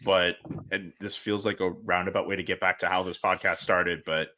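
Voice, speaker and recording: A chatty man telling stories on a sports podcast, lively and quick to jump in. His voice is lowish with a bright, cutting edge. He talks loosely and casually. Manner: animated, chatty storyteller. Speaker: podcast guest, sports journalist.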